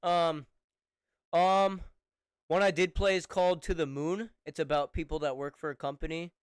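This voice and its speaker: A man's voice: on the high side, steady tone, moderate pace, clear, resonant tone, no echo. Profane young male streamer, close and dry. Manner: profane, rambling, laughs often. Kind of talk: casual stream chat.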